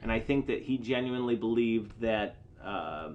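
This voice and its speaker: A man's voice: on the low side, expressive, moderate pace, darkish tone, dull audio. A man co-hosting a podcast in casual chat, opinionated and outspoken, swearing freely. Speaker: podcast co-host.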